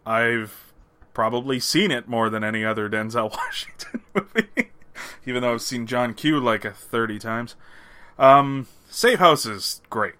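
A man from Canada co-hosting a podcast, chatting casually about movie rankings, laughing and swearing with quick asides. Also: mid-range voice, expressive, pushed and bright. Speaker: podcast co-host.

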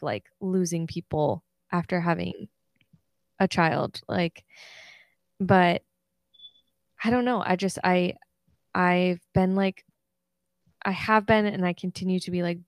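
Slow, smooth-voiced young woman chatting. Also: on the low side, no echo. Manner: rambling, earnest, heavy use of "like". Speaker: podcast co-host. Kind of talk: casual chat.

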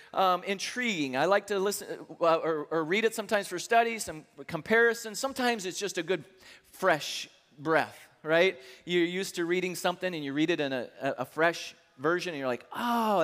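A man's voice: high voice, fairly bright tone, in a large hall. A man preaching a sermon to his congregation, telling a joke with playful acted voices before getting into his message. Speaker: pastor. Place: church sanctuary.

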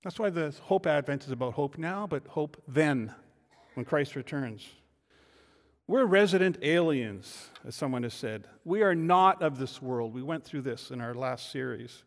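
A man, the lead pastor, preaching a sermon, building from quiet reflection to loud emphatic declarations with rhetorical questions. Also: mid-range voice, animated, measured pace, long reverb tail. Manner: rhetorical questions answered in turn. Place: church sanctuary.

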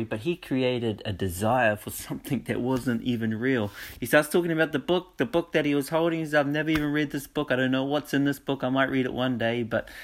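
A man talking casually to listeners, telling stories with lots of energy and frequent laughs. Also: mid-range voice. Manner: animated storytelling with frequent laughs. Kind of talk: casual monologue.

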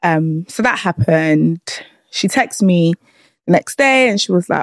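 A young British woman tells her story in a relaxed, animated way on a podcast, slipping into the voices of the people she quotes. Her voice sits fairly low, and the sound is close and dry. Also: a little slow, no room sound. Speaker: podcast guest, former bride. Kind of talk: casual storytelling chat.

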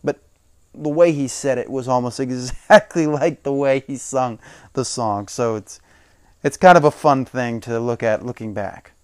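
A man hosting a podcast, recapping old wrestling shows in a casual, chatty way, laughing often and quoting wrestlers in animated bursts. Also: mid-range voice, measured pace, clear, resonant tone, no room sound, clean studio sound. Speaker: podcast host.

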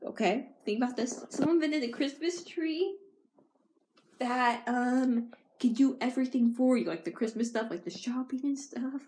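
A rambling woman co-hosting a home video, chatting fast and loud and breaking into giggles. Her voice sits a bit high. She hops between topics at random. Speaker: co-host of a home video channel. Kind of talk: casual chat.

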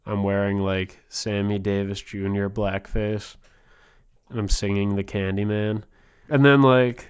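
Male podcast host, lowish smooth voice, rambling crude comic monologue, dull lo-fi recording. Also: darkish tone. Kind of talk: comedic monologue.

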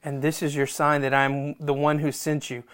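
A man preaching a sermon, animated and self-deprecating, acting out conversations between God and Moses. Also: a little high, moderate pace, smooth. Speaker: pastor.

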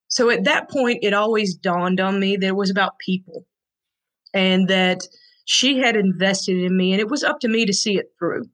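A woman's voice: mid-range voice, moderate pace, a bit bright, poor audio. A woman, a guest telling an emotional story in an earnest, frank way. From Tennessee, USA. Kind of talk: heartfelt storytelling.

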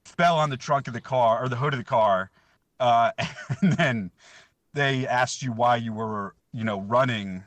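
A man's voice: medium pitch, measured pace, no echo. A young man, a podcast guest, telling a rambling story in casual chat, often laughing.

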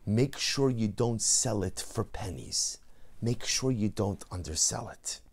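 A man voicing a generous old Hasidic rabbi who speaks earnestly and gently. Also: lowish voice, measured pace, vocal fry, a little hiss or hum.

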